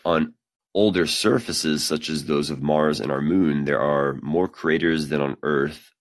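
A podcast host with an extremely low-pitched male voice reads science news at a slightly slow pace, with no room sound. He keeps breaking off into casual, swearing, self-deprecating asides.

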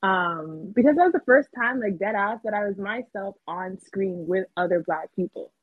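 A woman's voice: mid-range voice, moderate pace, breathy edge, no room sound. A woman actor talking candidly in a casual podcast interview, using slang and laughing often. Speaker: actor guest. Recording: phone-like call audio.

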